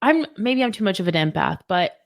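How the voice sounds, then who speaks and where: A female radio co-host who moves between reading short news items and easy, chatty banter. She laughs often as she talks, and her voice sits at an everyday pitch for a woman. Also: sing-song, fairly quick, creaky. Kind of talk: casual chat and news reading. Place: radio studio.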